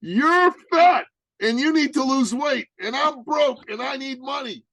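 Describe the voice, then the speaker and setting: A man's voice: fast, gravelly, no room sound, poor audio. A man voicing his younger, broke self as a giddy, squealing young man. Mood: pushy. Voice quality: shrill, squealing, gleeful.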